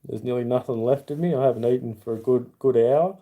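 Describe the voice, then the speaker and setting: Aussie bloke on a livestream, real dark mellow voice, chatty and rambling, reads out chat names. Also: male voice, medium pitch, quick pace. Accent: Australian. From Australia. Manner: rambling and friendly, answers chat by name, says mate. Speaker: livestream host.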